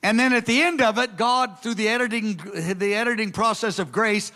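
A man preaching a sermon with passion, moving between loud urgings and soft, hushed prayer. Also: sits high, normal speed.

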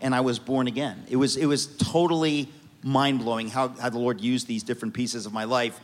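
A man from the United States, a guest author telling his life story on stage in an animated, joking way. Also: medium pitch, fairly quick, in a large hall.

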